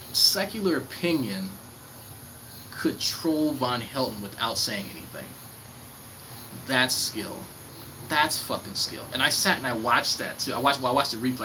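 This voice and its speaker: A man's voice: medium pitch, a bit bright, rough recording. A man on a casual livestream, reading chat comments aloud and taunting a rival in a mocking, profane way. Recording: clear background noise with crickets.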